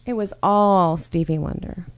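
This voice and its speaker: A woman's voice: fairly low pitch, a little slow. A middle-aged woman co-hosting a podcast, chatting casually and laughing often. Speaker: podcast co-host.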